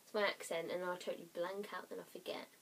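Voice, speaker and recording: A woman's voice: lowish voice, flat delivery, quick pace, vocal fry, a bit bright, a little hiss or hum. A young woman vlogging at home, rambling casually, often apologizing and dropping into whispers. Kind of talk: casual chatty vlog.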